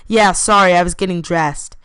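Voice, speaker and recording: A woman's voice: fairly low pitch, normal speed, a bit bright, clean tone, no echo, lightly acted. A woman voicing an easygoing, playful young airbender king in friendly banter. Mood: calling out.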